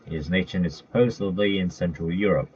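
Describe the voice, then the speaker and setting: Low-voiced rambling man, lo-fi recording. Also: a little fast, a little mellow, husky. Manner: rambling, with frequent fillers and self-corrections. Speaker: commentator. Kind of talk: casual list-style commentary. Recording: dull lo-fi mic with faint noise.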